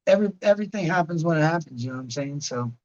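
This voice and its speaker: A man's voice: a little high, animated, rapid-fire, darkish tone, lo-fi sound. A man in his late thirties hosting a livestream, rambling casually and answering chatters by name. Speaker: livestream host reading chat.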